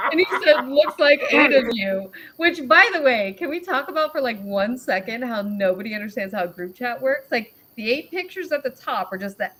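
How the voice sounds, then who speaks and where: A woman's voice: on the high side, brisk, hardly any pauses. A woman hosting a casual livestream who reads out a message exchange and laughs often as she retells it. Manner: laughs often while reading, animated retelling. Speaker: host reading out a message exchange.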